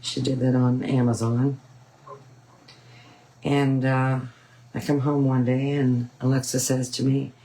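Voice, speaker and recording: A woman's voice: very deep voice, level tone, takes it slowly, pauses often, dark tone, low-quality recording. A woman hosting a painting tutorial, chatting casually and rambling with frequent ums. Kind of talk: casual chat while painting.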